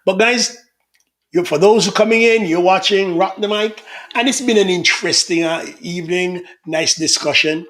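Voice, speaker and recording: A man's voice: sits high, normal speed, fairly bright tone. Chatty man hosting a livestream. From Jamaica. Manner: chatty, teasing, laughs often. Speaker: livestream host reading viewer comments. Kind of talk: casual livestream chat.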